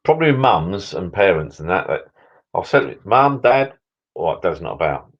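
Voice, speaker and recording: A man's voice: sits low, very animated, a little slow, husky, muffled recording. A middle-aged man, chatting and rambling jokily on a live stream from his backyard bar. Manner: rambling, jokey, repeats words. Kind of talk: casual live stream chat. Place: backyard garden bar shed.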